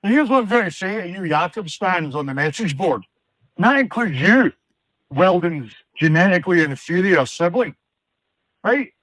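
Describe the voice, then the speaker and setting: A man's voice: high-pitched, animated, moderate pace, a bit bright, dry recording, poor audio. A man doing a cocky Scottish runner. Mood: cocky boasting. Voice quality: brash trash-talking swagger. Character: cocky Scottish male runner, brash and boastful. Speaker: caller. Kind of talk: comic phone-in impression.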